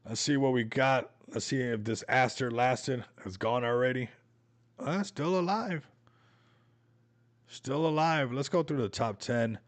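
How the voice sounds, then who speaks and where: A man's voice: mid-range voice, fairly even intonation, normal speed, few pauses. A man hosting a casual crypto livestream, rambling and hyped, with plenty of slang. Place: Las Vegas home.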